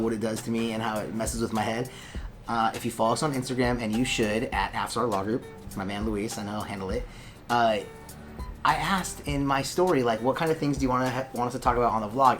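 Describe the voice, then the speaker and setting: A chatty Californian man hosting a casual vlog from his law office. He rambles and jokes in a mid-pitched voice. Faint music plays behind him. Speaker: lawyer and vlog host.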